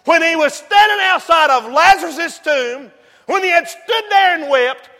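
A man preaching a fiery sermon, shouting and whooping, then dropping to low asides. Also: lively intonation, measured pace. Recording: long hall reverb.

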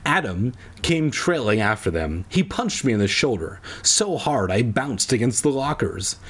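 Husky man reading with sarcastic asides. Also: mid-range voice, very animated, a little slow. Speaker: comedic reader. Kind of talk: irreverent book reading with asides.

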